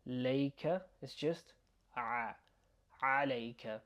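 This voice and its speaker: A man teaching pronunciation step by step, patiently repeating each word slowly for learners to copy and checking in with "okay?". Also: medium pitch, mellow. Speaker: Arabic teacher.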